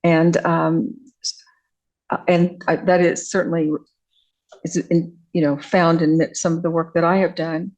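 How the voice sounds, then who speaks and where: A woman's voice: fairly low pitch, level tone, a little slow, long pauses, darkish tone, low-quality recording. An older woman giving an academic lecture, hesitant, with frequent fillers and restarts. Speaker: visiting scholar lecturer.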